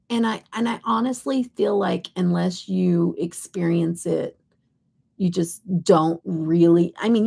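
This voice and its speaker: Middle-aged woman from Kansas, makeup livestream host; low, husky, unhurried, rambling chat with whispered asides. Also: warm tone. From Kansas, USA. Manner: chatty, rambling, drops into whispers. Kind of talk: casual live chat while swatching.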